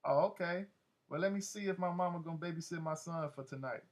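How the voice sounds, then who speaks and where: A sweet-talking, scheming young woman, a touch higher than the reader's own voice, as a male narrator plays her. Her lines come out sly and coaxing in a casual audiobook read. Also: fast, natural voice. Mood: coy.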